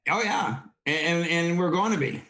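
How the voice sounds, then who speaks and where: A man's voice: fairly high pitch, animated, moderate pace, pushed and bright. Rambling, agreeable male talk host. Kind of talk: political talk show chat.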